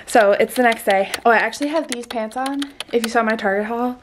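A woman's voice: fairly high pitch, fairly quick, slight background noise. A woman in her twenties chatting casually in a vlog, gushing and breathless, with lots of fillers. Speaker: vlogger.

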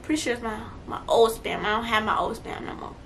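Young girl vlogging, high bright voice, blunt n cussing a lot, gets loud. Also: fast talker, slight background noise. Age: young adult. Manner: blunt, profane and animated, swings loud. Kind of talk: casual storytime vlog.

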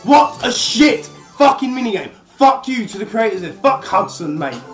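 A man gives frustrated, expletive-laden commentary as he plays a party video game. His voice swings widely up and down, and loud game music plays under him. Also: high-pitched, big pitch swings, moderate pace, roomy sound. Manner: frustrated, swears constantly. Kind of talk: casual gaming commentary. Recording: game music playing loudly behind.

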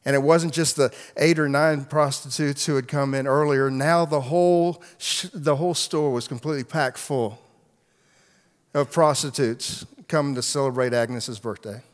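A man preaching from the pulpit, telling a story and slipping into the voices of its people. He restarts his phrases now and then, and his mid-pitched voice carries a long hall reverb. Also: normal speed. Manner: animated storyteller acting out voices, with repeated restarts. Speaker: pastor. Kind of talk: sermon storytelling.

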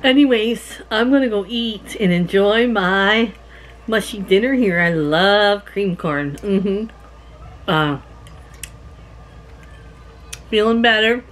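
Soft music plays behind a middle-aged Canadian woman as she talks to her viewers from her rural home. Her voice sits mid-range, she takes her time, and she tells stories while laughing often.

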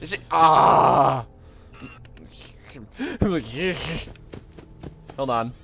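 A young man giving casual, joking let's-play commentary on a game, jumpy and yelling at it when startled. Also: medium pitch, drawn-out words, vocal fry, faint music behind. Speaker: gaming video host.

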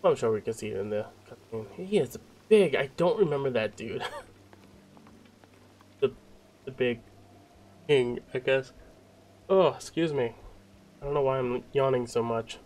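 A man's voice: mid-range voice, measured pace, pauses often, darkish tone. A man casually commenting while streaming a video game live, joking and talking to himself.

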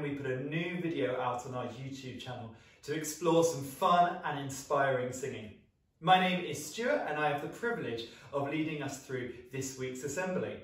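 A young British man leads a lively singing lesson for children. His voice sits a little high and bright with encouragement, coaxing playful sound effects. It was recorded in a small flat with heavy room echo, the mic set some way back. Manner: upbeat, encouraging, leads vocal warm-ups and sound effects. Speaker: singing assembly leader. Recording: echoey room, mic at a distance.

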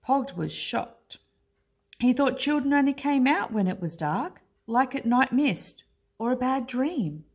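Woman, teacher, storybook read-aloud, animated, unhurried. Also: sits high, slightly rough. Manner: expressive and unhurried.

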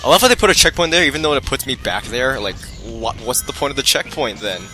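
Over soft background music, a fast-talking let's play commentator with a mid-range voice reacts to his own gaming mistakes with self-mockery, talking to himself excitedly. The audio is poor.

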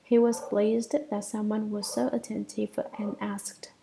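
A woman reads Buddhist scripture commentary aloud at a measured pace. Her voice is gravelly and mellow, with a dark, warm tone. She often drops into a soft half-whisper and sometimes restarts a phrase. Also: mid-range voice, level tone, a little hiss or hum, poor audio. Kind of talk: read-aloud sutra commentary.

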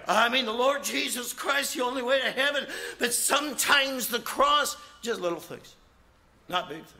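Man, evangelist, sermon, high-pitched, bright tone, animated preaching. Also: normal speed. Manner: animated preaching with acted-out quotes.

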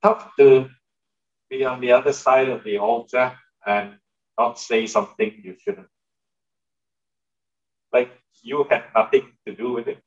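A man's voice: mid-range voice, fairly even intonation, a little slow, pauses often, muffled recording. A male pastor giving a sermon in a conversational way, turning to the congregation with asides and questions. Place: church hall.

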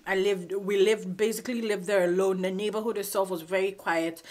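A woman in her twenties telling a personal story in a vlog, halting and emotional, fighting back tears. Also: medium pitch, steady tone, a little mellow. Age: 20s. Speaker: vlogger. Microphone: phone camera.

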